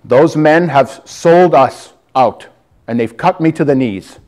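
A man's voice: on the high side, slow, darkish tone. A man preaching defiantly to a congregation, calling listeners brother and sister. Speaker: lay preacher. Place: church hall with audience.

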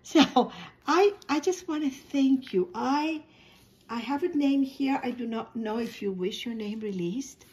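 A woman's voice: fairly high pitch, unhurried, darkish tone. A woman hosting her own video channel, talking casually and emotionally to her viewers, full of thanks and frequent restarts. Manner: emotional, grateful, many restarts and repeated words. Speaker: YouTube channel host.

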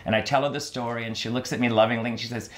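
A middle-aged man, chatting in a relaxed interview. His speaking pitch sits in an ordinary middle range, and his delivery is dry and sardonic, with sudden leaps into shrill mocking voices when he quotes people. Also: racing. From New Orleans, USA. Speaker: drag performer guest. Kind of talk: casual interview storytelling.

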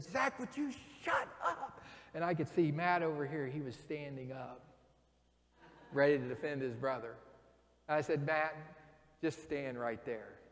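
A man preaching a sermon in a church, telling a story and acting out the voices in it. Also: a little high. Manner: storytelling, acts out quoted voices. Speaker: pastor. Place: church sanctuary. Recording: long reverb of a church hall.

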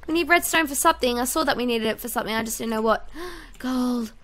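A woman giving casual let's-play commentary, excitable and chatty, talking to herself and her viewers as she plays. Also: on the high side, quick pace. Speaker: gaming YouTuber.

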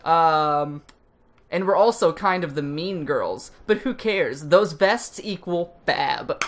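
Low-voiced sarcastic woman. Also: expressive, takes it slowly, slight background noise. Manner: sarcastic, mock-enthusiastic reading aloud. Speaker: co-host. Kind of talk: casual gaming commentary.

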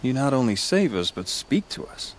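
An actor playing a grim male outcast leader in a game, speaking in a grave, measured way. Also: mid-range voice, very animated, a little hiss or hum, close to an everyday voice. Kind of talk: game character dialogue.

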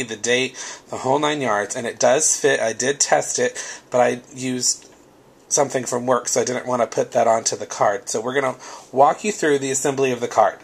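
Chatty man with a gravelly voice. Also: mid-range voice. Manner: chatty, explains step by step. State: recovering from a cold. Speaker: craft video host. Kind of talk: casual tutorial.

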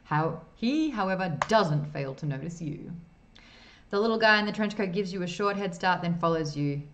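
A woman's voice: on the low side, animated, moderate pace, fairly bright tone, a little hiss or hum. A woman streamer in her thirties, playfully reading game dialogue aloud while playing, putting on voices and adding asides.

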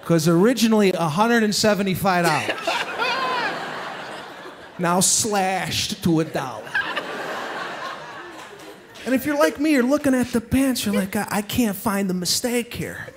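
A man's voice: sits high, unhurried, long pauses, noisy background. A man doing a stand-up comedy routine, telling exasperated stories and acting out the people in them. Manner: exasperated, animated storytelling with acted-out impressions. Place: stage before a live audience.

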